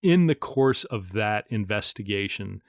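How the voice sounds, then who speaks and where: A man co-hosting a podcast, explaining at length in a measured way with dry humor. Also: lowish voice, expressive, no room sound. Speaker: podcast co-host. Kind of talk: casual explanatory podcast chat.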